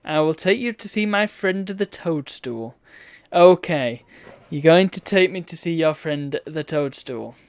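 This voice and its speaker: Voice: medium pitch, animated, a little slow, few pauses, no room sound. Streamer, wry game commentary, reads on-screen text aloud, chatty. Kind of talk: let's play commentary.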